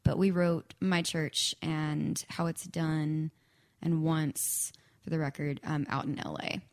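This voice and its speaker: Chatty young woman, low-pitched, casual guest storytelling with filler words. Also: little pitch movement, takes it slowly. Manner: chatty, frequent fillers and laughs, acts out quoted speech. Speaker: guest songwriter. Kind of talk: casual chat.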